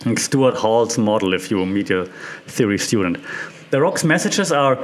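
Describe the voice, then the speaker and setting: A man who is a media professor, giving excited, animated commentary, laughing often as he talks and coughing now and then. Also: on the low side, moderate pace. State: occasional cough. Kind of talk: enthusiastic commentary.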